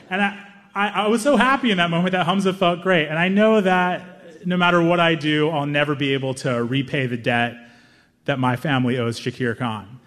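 Animated stand-up storyteller, man. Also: fairly high pitch, big-room sound. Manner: animated, self-mocking, quick asides. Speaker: stand-up comedian.

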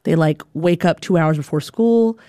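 A young woman from Alabama telling a funny personal story in an animated, conversational, self-deprecating way. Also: low voice, moderate pace, no room sound, studio quality. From Alabama, USA. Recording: music playing underneath.

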